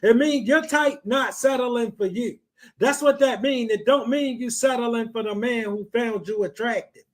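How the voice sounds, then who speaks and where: Male podcast host, very high-pitched, blunt and repetitive. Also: normal speed. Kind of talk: blunt advice talk.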